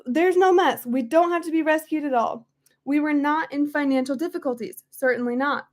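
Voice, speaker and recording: A man's voice: very high voice, normal speed, voice pushed up. A woman reading aloud as an indignant older male engineer who insists in emphatic denials that nothing is wrong. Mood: insistent.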